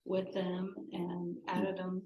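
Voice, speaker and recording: A woman's voice: on the low side, completely flat delivery, takes it slowly, highs cut off. A woman working as a real estate agent, giving brief, easygoing answers in a meeting. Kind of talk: casual reply in a meeting. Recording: echoey room.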